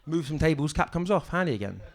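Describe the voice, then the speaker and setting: A young man with a fairly high voice does a stand-up set at a comedy club mic. He talks in a halting, deadpan way, often stopping on ums and restarting sentences. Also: creaky.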